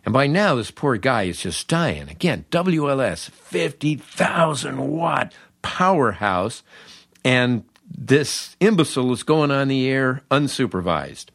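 A man's voice: medium pitch, very animated, unhurried, creaky, a bit bright, no echo, clean studio sound. Wry older man telling a story. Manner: wry, self-mocking. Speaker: podcast host. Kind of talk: comic storytelling.

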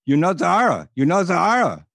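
A man's voice: high-pitched, huge pitch swings, brisk, gravelly, fairly bright tone, dry recording, pitched above the performer's own voice, exaggerated voice. A man voicing a commanding foreign dictator on the phone, speaking in clipped, broken phrases.

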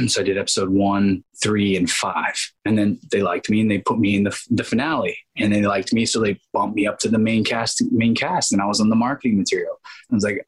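A man, an actor guest in an interview, telling animated stories and acting out quoted dialogue in other voices. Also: on the low side, brisk, husky, low-quality recording. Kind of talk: casual interview storytelling.

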